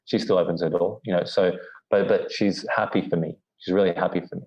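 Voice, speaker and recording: A man's voice: low voice, fairly even intonation, brisk, a little mellow. A man being interviewed on a podcast, telling a personal story in a rambling way, full of "you know" and restarts. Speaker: podcast guest. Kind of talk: reflective storytelling. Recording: dull lo-fi audio.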